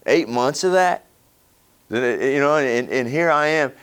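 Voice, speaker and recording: Man giving a personal testimony, lively telling, frequent laughs, restarts mid-sentence. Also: mid-range voice, unhurried, clean tone. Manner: animated, laughs often, many restarts. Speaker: speaker sharing his recovery story. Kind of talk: personal storytelling talk.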